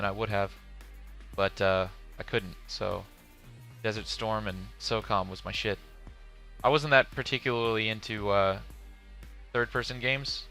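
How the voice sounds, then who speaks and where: A man's voice: lowish voice, creaky, bright, forceful tone. A man streaming live, giving casual, profane commentary on a game showcase and reading chat questions aloud.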